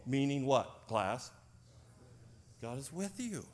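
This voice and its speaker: A man preaching a sermon, asking the congregation questions, moving between loud emphatic lines and quiet intimate ones, with casual fillers and restarts. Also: a little high, lively intonation, measured pace. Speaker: pastor.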